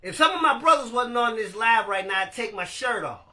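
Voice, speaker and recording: A man hosting a casual live-stream podcast, animated and laughing as he talks to his viewers. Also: very high voice, fairly quick. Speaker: podcast host.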